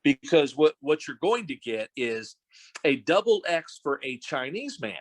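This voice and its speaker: A middle-aged man, a voice actor, talking on a video call in a rambling, animated, joking way. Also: on the high side, measured pace, low-quality recording. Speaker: voice actor guest. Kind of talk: casual panel chat.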